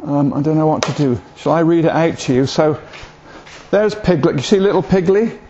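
Older guy preaching, rambly and hesitant, jokes at himself, slightly high voice, muffled lo-fi sound. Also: moderate pace, mellow, slight background noise. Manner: rambling, hesitant, self-deprecating humour. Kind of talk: informal sermon talk. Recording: dull lo-fi recording.

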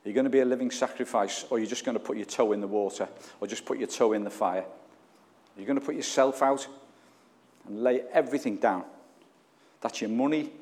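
Earnest preacher in a reverberant church. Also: male voice, medium pitch, a little fast, darkish tone. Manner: earnest, emotional, asks the congregation questions. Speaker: pastor. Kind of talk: sermon. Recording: long reverb of a church hall.

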